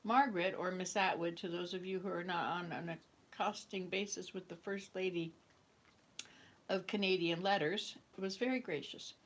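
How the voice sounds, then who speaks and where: A woman's voice: lowish voice, steady tone, moderate pace. Chatty woman reading aloud. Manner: chatty, stumbles and corrects herself; talks around a cookie. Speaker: host reading a book aloud. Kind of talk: casual read-aloud.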